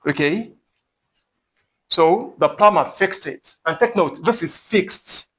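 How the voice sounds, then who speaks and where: A man gives a pronunciation lesson in a slightly high voice. He speaks very slowly, repeating every word and example sentence deliberately so learners can follow. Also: fairly bright tone. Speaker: English pronunciation teacher.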